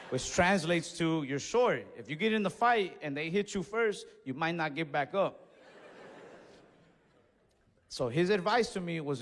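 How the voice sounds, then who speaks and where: A man doing stand-up comedy, telling a story in an animated way and acting out what people said. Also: fairly high pitch, a little slow, long pauses, long reverb tail. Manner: animated storytelling with acted-out quotes.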